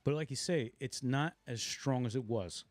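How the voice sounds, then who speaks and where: A man's voice: medium pitch, moderate pace, dry recording. A middle-aged man co-hosting a podcast, telling funny stories animatedly and laughing through them. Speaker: podcast co-host. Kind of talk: casual storytelling.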